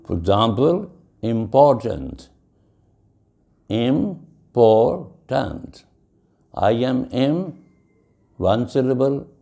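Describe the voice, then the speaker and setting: A middle-aged man delivers a classroom lecture at a very slow, measured pace. His voice is low, dark and gravelly, and he spells out each word letter by letter. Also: animated. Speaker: English teacher.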